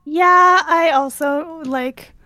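A woman co-hosting a podcast in casual chat, animated, saying "like" a lot. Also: extremely high pitch, very slow, no echo, faint music behind. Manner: animated, acts out characters' lines, says "like" a lot. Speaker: podcast co-host.

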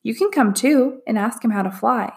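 A woman's voice: a little high, normal speed, natural voice. Woman voicing a kind, curious young girl. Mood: earnest.

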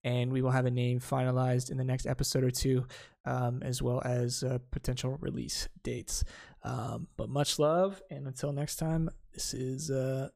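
A man's voice: medium pitch, flat delivery, normal speed, gravelly, darkish tone. A man hosting a podcast, wrapping up in a friendly, rambling way with lots of fillers. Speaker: podcast host. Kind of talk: casual chat.

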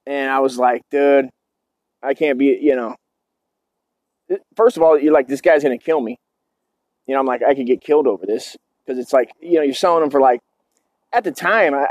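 A man's voice: medium pitch, a little fast, a little mellow, dry recording. A man in his forties hosting a podcast, telling stories casually in a profane, rambling way and tossing in "dude" and "man". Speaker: podcast host. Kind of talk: casual storytelling.

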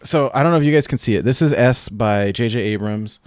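A man's voice: medium pitch, brisk, no room sound. A man co-hosting a casual show, talking enthusiastically and rambling with fillers. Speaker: co-host. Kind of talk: casual chat.

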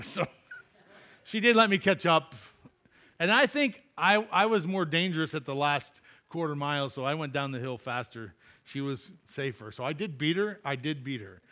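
A man preaching in church, telling a personal story in a loose, chatty way and laughing at himself. His voice is bright and forward, sitting a little above the usual male pitch. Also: moderate pace. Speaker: pastor.

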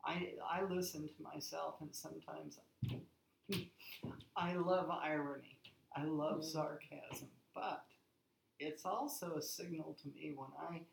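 Woman, 60s, gravelly low voice, animated storyteller, roomy recording. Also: slow, a little hiss or hum. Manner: lively storyteller, laughs often. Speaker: guest. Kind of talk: casual conversation.

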